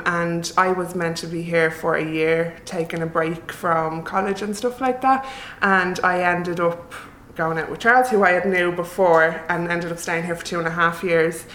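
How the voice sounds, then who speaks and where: Relaxed Dublin-accented woman in a roomy space. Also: on the low side, measured pace, hardly any pauses, slight background noise. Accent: Irish, Dublin. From Ireland. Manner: relaxed, chatty, laughs easily. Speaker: guest. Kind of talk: casual interview chat. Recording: roomy echoey sound.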